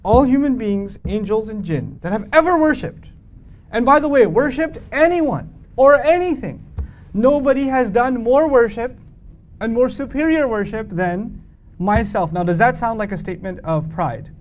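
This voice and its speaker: A man teaching a Quran lesson to an audience, animated and questioning, reciting Arabic verses between English explanations. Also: extremely high pitch, normal speed, a little hiss or hum. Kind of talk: religious lecture to a live audience.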